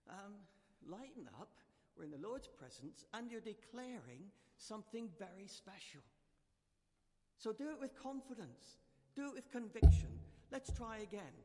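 A man with a slightly high, gravelly voice preaching in an echoing church. He speaks gently and conversationally, leading the congregation to join in. The long reverb of the hall trails after his words. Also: big pitch swings, unhurried. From United Kingdom. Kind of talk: sermon.

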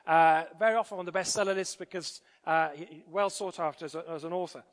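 A man's voice: fairly high pitch, quick pace. A man preaching a sermon in a church, conversational with frequent fillers and restarts. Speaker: pastor. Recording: church hall reverb.

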